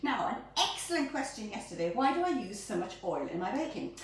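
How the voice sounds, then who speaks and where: A woman's voice: on the high side, sing-song, brisk. A woman hosting her own baking show, chatting playfully through a recipe and often tripping over her words. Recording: very echoey room, mic at a distance, faint noise.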